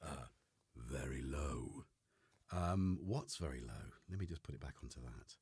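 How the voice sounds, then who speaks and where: A man's voice: extremely low pitch, lively intonation, unhurried, darkish tone, husky, no room sound. A man hosting a casual livestream from a home studio, rambling and self-deprecating as he greets his chat by name. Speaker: livestream host.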